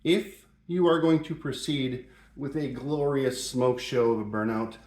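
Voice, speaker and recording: A man's voice: mid-range voice, measured pace, darkish tone. A middle-aged man hosting a joking advice talk, playful and mock-serious, in a home shop. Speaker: host. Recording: roomy echo.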